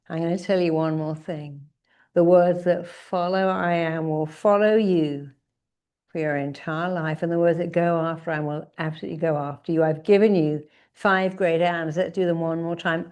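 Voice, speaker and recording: A middle-aged woman leading a guided therapy exercise, directing listeners and calling out affirmations slowly and with force. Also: on the low side, steady tone, darkish tone. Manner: commanding, drawn-out affirmations called out with emphasis.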